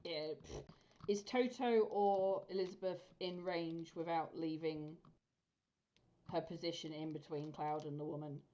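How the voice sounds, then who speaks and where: A woman's voice: deep voice, fairly even intonation, unhurried, dark tone. A woman playing a tabletop game, describing her character's actions. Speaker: player. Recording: dull lo-fi mic with faint noise.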